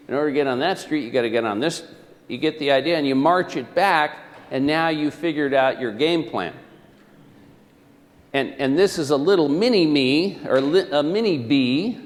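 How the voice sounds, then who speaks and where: A man's voice: a little high, normal speed. A man giving a live motivational presentation, telling stories and firing questions at his audience. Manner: animated, questions the audience, storytelling. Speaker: motivational speaker. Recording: echoey hall.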